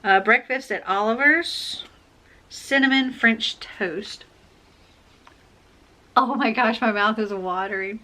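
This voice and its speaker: A woman with a bright, forceful voice talks through a book unboxing in a casual, chatty way. She gets excitable and gushes over each thing she pulls out. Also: fairly high pitch, takes it slowly, pauses often. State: has the hiccups.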